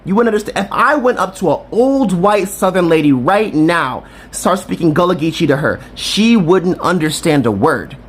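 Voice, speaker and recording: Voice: medium pitch, animated, normal speed, hardly any pauses, husky. A speaker from Virginia explains the history of a dialect to camera in a firm, lecturing way, with pointed rhetorical questions. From Virginia, USA. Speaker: commentator.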